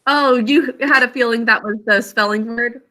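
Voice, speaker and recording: A woman teaching a class over a video call, encouraging and sounding out words slowly. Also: a little high, bright, forceful tone.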